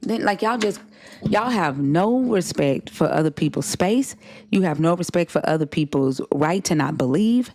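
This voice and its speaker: Low-voiced blunt woman host. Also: lively intonation, moderate pace, darkish tone. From Southern United States. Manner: blunt, profane, lecturing chat. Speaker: host of a live stream. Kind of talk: casual live-stream chat.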